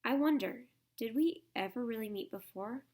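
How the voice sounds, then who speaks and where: A woman's voice: fairly high pitch, normal speed, darkish tone, close to an everyday voice. A woman voicing a sensible young girl. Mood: dreamy. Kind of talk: audiobook character reading.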